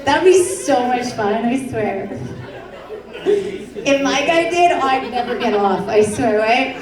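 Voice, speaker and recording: A woman performing a stand-up comedy set on a club stage, brash and self-mocking, with a punchy delivery and a loud audience laughing behind her. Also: sits high, animated, slow pace. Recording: roomy club sound, heard from afar, loud crowd.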